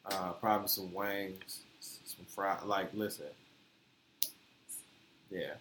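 A man's voice: sits low, little pitch movement, slow pace, fairly bright tone, echoey room, slight background noise. A man with a Detroit accent tinged by a Southern twang, co-hosting a casual adult chat podcast, joking and slangy. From born in Florida, raised in Detroit. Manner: laid-back, joking, slangy, often laughing. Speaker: podcast co-host.

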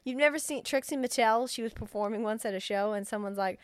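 A woman's voice: a little high, fairly even intonation, quick pace, hardly any pauses, no echo, clean studio sound. A woman co-hosting a podcast, casually retelling a film's plot with lots of swearing and acting out the characters' lines. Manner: profane, acts out the characters' lines. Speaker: podcast co-host explaining a film.

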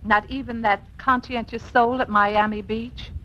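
An actress playing a witty, unruffled wife with an arch, teasing manner, in 1950s radio acting. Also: female voice, a little high, fairly even intonation, unhurried, a bit bright. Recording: dull lo-fi old radio broadcast.

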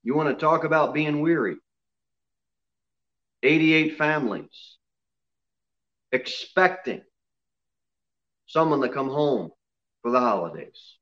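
A man preaching an expository sermon in a church, dropping low and quiet on solemn lines and rising loud on emphasis. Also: expressive, slow, long pauses, muffled recording. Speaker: pastor. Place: church sanctuary.

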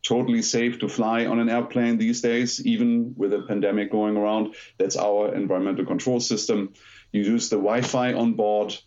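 A man's voice: on the low side, moderate pace. German-accented man telling stories, lo-fi. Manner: lively storytelling, self-deprecating humor. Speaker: podcast guest, aerospace lawyer. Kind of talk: conversational podcast interview.

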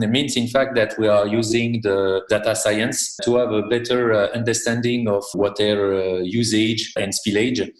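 French-accented male guest, hesitant and filler-heavy, slightly low, echoey room sound. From France. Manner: halting, many "uh" fillers and restarts. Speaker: company CEO guest. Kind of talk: conversational interview. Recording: roomy echo.

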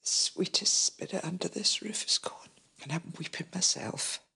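A tender older housekeeper in a whispered role-play, as a woman puts her on. Her breathy, raspy whisper has a crisp, bright edge, and she sounds motherly and full of grief. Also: lowish voice, moderate pace, full character voice. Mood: sorrowful.

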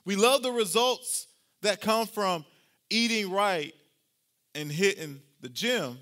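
A male pastor giving a lively, conversational sermon, using casual slang as he preaches to his congregation. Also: sits high, slow pace.

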